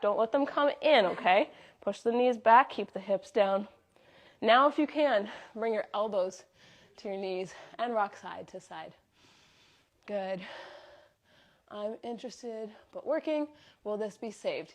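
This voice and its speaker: A young adult woman leading a live workout class, upbeat, counting reps and giving body cues, a little out of breath. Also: fairly high pitch. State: slightly out of breath. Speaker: fitness instructor.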